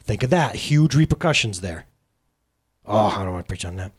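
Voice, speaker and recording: Husky, animated man preaching. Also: lowish voice, normal speed. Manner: animated, addresses the audience directly. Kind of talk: sermon with book reading.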